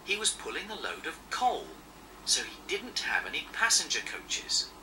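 A man narrating a children's storybook in an expressive, animated way. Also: a little high, moderate pace, distant mic, a little hiss or hum, low-quality recording.

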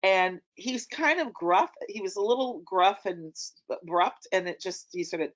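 A woman's voice: medium pitch, animated, moderate pace, hardly any pauses, fairly bright tone. Chatty middle-aged woman telling stories. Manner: chatty anecdotal storytelling with many ums. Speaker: opera singer guest. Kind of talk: casual conversation. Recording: dull lo-fi audio.

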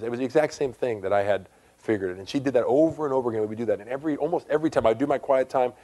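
A middle-aged man preaching a sermon in a quick, conversational way, full of asides, rising at times to loud, emphatic exhortation. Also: medium pitch. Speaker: pastor.

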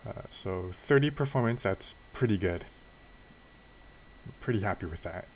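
A man's voice: on the low side, expressive, moderate pace, a little mellow, a little hiss or hum, rough recording. A man casually narrating a wrestling game story as a let's play, with fillers and restarts.

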